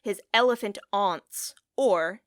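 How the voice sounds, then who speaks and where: A woman's voice: mid-range voice, slow pace, dry recording. Giggly rambling woman podcaster, dry sound. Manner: giggly, rambling, pun-loving. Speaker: podcast co-host. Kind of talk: casual chat.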